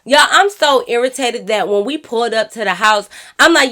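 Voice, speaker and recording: A young woman tells a storytime to her viewers, fired up and full of profanity. Her voice sits somewhat high and she keeps turning to her audience with asides. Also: fairly quick. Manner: animated, profane, talks straight to viewers. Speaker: YouTuber telling a story. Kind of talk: casual storytime.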